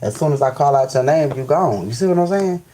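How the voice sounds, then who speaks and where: This spiritual live-stream host has a slightly high, expressive voice and talks fast against background noise. Ranting in loose, profane language, he repeats "you know what I'm saying" and stumbles into stammers and restarts whenever he's worked up.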